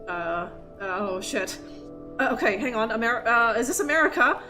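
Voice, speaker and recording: A woman's voice: fairly high pitch, expressive, normal speed, pushed and bright. A young woman streaming a game live, rambling, swearing and interrupting herself as she plays. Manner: rambling, profane, self-interrupting. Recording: music playing behind voice.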